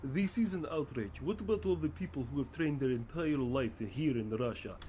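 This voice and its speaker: A man's voice: medium pitch, moderate pace, warm tone, a little hiss or hum, natural voice. A man voicing Russia personified as a proud, touchy male leader who speaks formally and takes offense easily. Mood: outraged.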